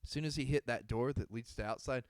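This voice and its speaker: A man's voice: medium pitch, fast talker, smooth, no echo. A young man co-hosting a podcast, telling a story in casual chat, laughing often and swearing freely. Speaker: podcast co-host.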